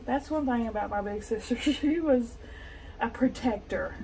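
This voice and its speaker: A woman's voice: a little high, normal speed, creaky, a little hiss or hum. A woman with a Southern accent chatting and telling stories as she sews, in a meandering, casual way. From Arkansas. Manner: chatty, meandering, soft-spoken asides. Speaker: sewing vlogger. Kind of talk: casual storytelling while sewing. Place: home sewing room.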